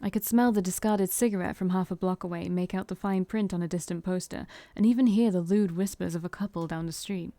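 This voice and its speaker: A woman's voice: lowish voice, fairly even intonation, brisk, few pauses, dark tone, no room sound. A woman hosting a let's play, reading a visual novel aloud and chatting casually between passages.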